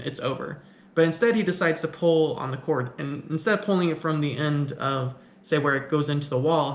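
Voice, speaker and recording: In an echoey room, a man with a slightly high, somewhat bright voice gives a casual film review. As a commentator, he thinks out loud and questions the plot as he goes.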